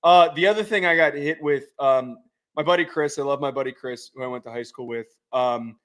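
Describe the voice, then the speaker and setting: A man co-hosting a podcast, telling animated stories in casual chat and swearing freely. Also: medium pitch, fairly quick. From United States. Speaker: podcast co-host.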